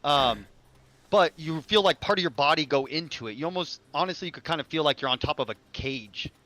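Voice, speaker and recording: A man's voice: on the high side, expressive, a little fast, a bit bright, dry recording. A man narrating as game master of a tabletop game, talking loosely with many fillers and restarts.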